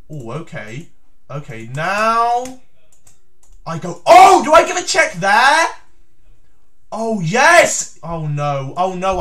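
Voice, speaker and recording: A man giving theatrical, excited commentary on his own chess game as he plays, breaking into shouts. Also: sits high. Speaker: chess YouTuber.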